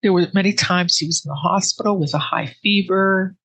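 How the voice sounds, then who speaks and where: A woman telling her personal grief story in an interview, with earnest, halting speech full of restarts that sits close to tears. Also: fairly low pitch, no echo, poor audio. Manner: soft and emotional, close to tears.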